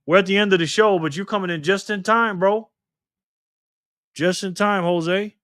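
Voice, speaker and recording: A man hosting a live stream in a loose, joking way, reading the chat messages out loud. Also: high-pitched, steady tone, moderate pace, no echo, studio quality. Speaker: livestream host.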